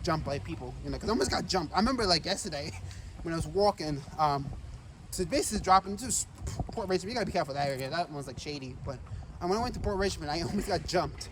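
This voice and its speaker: A man vlogging while walking outdoors, rambling and repeating himself excitedly and a little out of breath. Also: fairly high pitch, quick pace, recorded from a distance. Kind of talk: casual walking vlog. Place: outdoors on city streets, walking. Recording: street noise behind the voice. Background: traffic and street noise.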